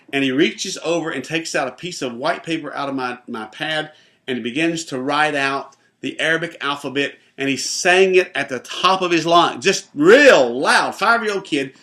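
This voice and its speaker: Bright-voiced pastor telling a lively story. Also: male voice, fairly high pitch, normal speed. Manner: animated, acts out the voices in his story. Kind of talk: storytelling personal testimony.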